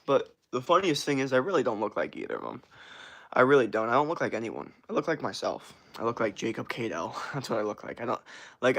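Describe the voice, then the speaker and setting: A young man chatting casually on a morning livestream, loose and rambling, swearing often, with a rough morning voice. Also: mid-range voice, a bit bright. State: morning voice, sore from workout. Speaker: streamer.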